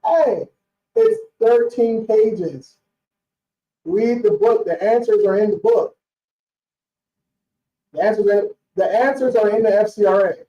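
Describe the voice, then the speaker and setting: A man's voice: high-pitched, expressive, unhurried, pauses often. A young man talking bluntly and casually on a live stream, full of slang and swearing, getting fired up as he talks. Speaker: credit repair business owner hosting a live stream. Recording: roomy, distant, dull lo-fi stream audio.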